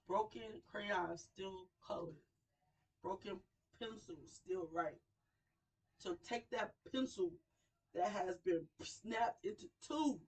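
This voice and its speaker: Slow, impassioned woman preaching from afar. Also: medium pitch, husky, distant mic, low-quality recording. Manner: emotional, repetitive preaching cadence, swells and drops in volume. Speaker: radio show host. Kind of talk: impassioned sermon-style talk.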